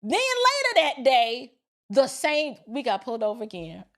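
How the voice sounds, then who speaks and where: A woman with a fairly high voice hosts a casual livestream commentary. Her pitch swings widely as she tells stories in a colloquial, emphatic way and acts out every exchange. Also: moderate pace. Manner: animated storytelling, acting out dialogue. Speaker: commentary channel host.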